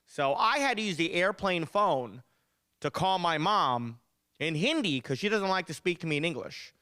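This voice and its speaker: A young man doing a stand-up comedy set, telling animated stories with punchy delivery. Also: a little high, normal speed, no room sound. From United States.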